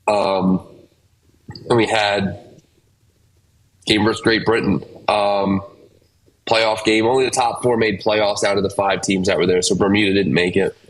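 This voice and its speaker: Male podcast co-host, low pitch, halting delivery, light noise behind. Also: steady tone, rough recording. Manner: halting, with many fillers. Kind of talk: casual recap chat.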